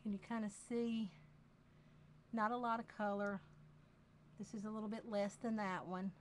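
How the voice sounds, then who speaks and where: A woman with a Southern accent demonstrating a craft project live, talking in an unhurried, chatty way and repeating phrases as she works. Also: mid-range voice, level tone, slight background noise.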